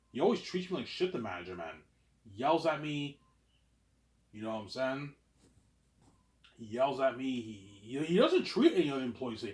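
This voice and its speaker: A young man talks straight to the camera in a loose, rambling monologue, tripping over the same words and starting sentences again and again. His voice sits at an ordinary pitch for a man. The room around him gives it a clear, hollow echo. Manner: repetitive, stammering restarts. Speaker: vlogger.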